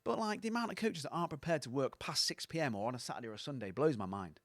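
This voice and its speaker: A man's voice: medium pitch, expressive, very fast, no echo. A man, a coaching mentor, giving blunt, sweary, sarcastic advice as a guest on a casual podcast.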